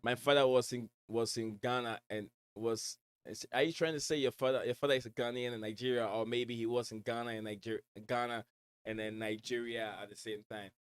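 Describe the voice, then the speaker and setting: A man's voice: medium pitch, steady tone, fairly quick, clean tone, no room sound. A man from West Africa with an accent blending West African and American, hosting a casual fan livestream at home and reading viewer messages in a rambling way, with many fillers and repeated words. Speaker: livestream host.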